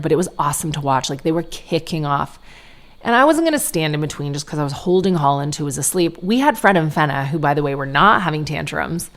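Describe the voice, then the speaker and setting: A woman hosting a podcast, telling a story in a chatty, animated way and acting out the people in it. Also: low-pitched. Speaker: podcast host. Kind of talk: casual storytelling monologue.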